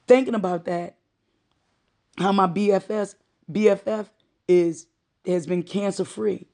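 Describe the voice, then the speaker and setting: A woman's voice: mid-range voice, fairly even intonation, a little slow, a little mellow. A middle-aged woman giving a heartfelt monologue, with emphatic, repeated phrases and moments of choking up. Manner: emotional, choking up.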